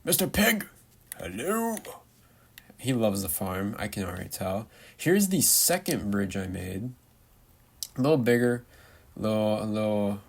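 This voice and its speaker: A man's voice: lowish voice, darkish tone. A young man giving rambling, chatty commentary while showing off a game build, playful and loose. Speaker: Minecraft builder. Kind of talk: casual gameplay commentary.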